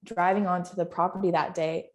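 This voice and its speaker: A woman's voice: lowish voice, steady tone, fairly quick, a little mellow. A woman guest on a podcast, sharing a personal story earnestly and emotionally, often laughing as she talks.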